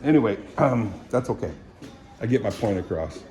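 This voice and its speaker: A man giving a casual, wandering devotional chat to camera, clearing his throat often and tossing in jokey asides. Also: fairly low pitch, lively intonation, normal speed, dark tone, poor audio. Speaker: vlogger sharing faith reflections.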